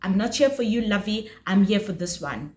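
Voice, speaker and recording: A woman's voice: medium pitch, expressive, normal speed, a little mellow, close to an everyday voice. A woman doing an insistent young ex-girlfriend. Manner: insistent, defensive. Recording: roomy echo.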